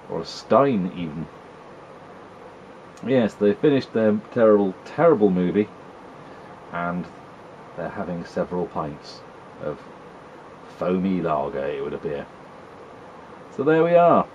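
A man's voice: fairly low pitch, animated, measured pace, pauses often, a little mellow, muffled recording, slight background noise. A man giving wry, chatty commentary while playing an old video game, teasing the characters on screen. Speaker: retro gaming video host. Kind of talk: casual gameplay commentary.

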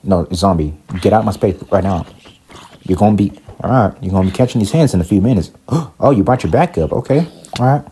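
A young man giving casual, excitable commentary while playing a block-building game, often panicking and talking to his viewers. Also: lowish voice, brisk, slight background noise. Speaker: gaming YouTuber. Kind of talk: casual Minecraft let's play commentary.

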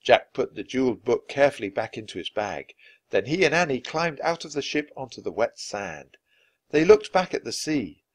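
A man reads a children's adventure story aloud. His delivery is expressive and dramatic. His pitch moves freely over a wide range. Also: moderate pace. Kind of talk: children's book read-aloud.

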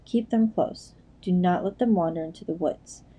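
An anxious noble mother, put on by a woman reader speaks earnestly, firm yet pleading. The voice sits low and very mellow, in a storybook telling. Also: moderate pace, breathy edge, low-quality recording.

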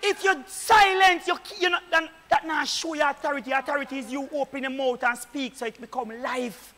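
Fervent Jamaican deacon preaching in a hall. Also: male voice, extremely high pitch, steady tone, fast talker. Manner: fervent, shouting preacher in patois. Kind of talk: preaching at a church meeting. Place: church. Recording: echoey church hall.

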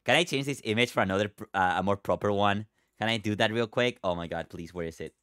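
A man livestreaming, chatting with his viewers in an excitable, rambling way, stammering and swearing. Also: on the low side, quick pace, clear, resonant tone, no echo, studio quality.

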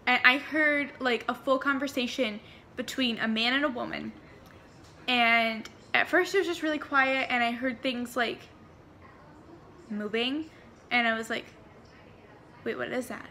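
A woman's voice: a little high, measured pace, bright, forceful tone, slight background noise. A young woman chatting through a paranormal storytime vlog, rambling and full of fillers. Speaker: vlogger.

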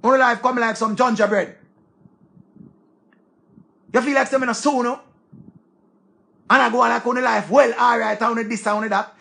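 An online commentator with a Jamaican accent rants casually at his viewers, heated and scolding, and swears freely. His voice is very high-pitched, creaky, pushed and bright.

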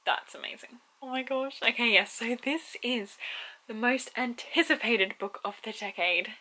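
Gushing, excitable woman. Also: a little high, normal speed, poor audio. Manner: gushing, excitable, laughs often. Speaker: book vlogger. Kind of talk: casual vlog chat.

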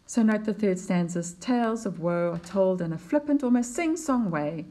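A woman teaching a poetry lesson, explaining slides in an unhurried way with fillers and restarts. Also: mid-range voice, expressive, mellow.

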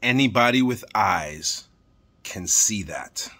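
A man co-hosting a commentary show, speaking with sarcastic, deadpan mockery. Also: on the low side, slow pace. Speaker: commentary channel co-host. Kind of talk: casual commentary.

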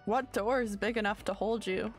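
A woman game streamer offers casual gameplay commentary, sleepy and rambling, often searching for words. Her mid-range voice is steady and moves at normal speed, with faint music behind her.

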